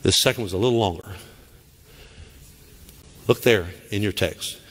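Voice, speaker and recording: A middle-aged man with a Southern US accent preaching a lively sermon as pastor in a church, acting out quoted voices with sharp high cries. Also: measured pace, a little hiss or hum. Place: church sanctuary. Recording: church sanctuary with long reverb.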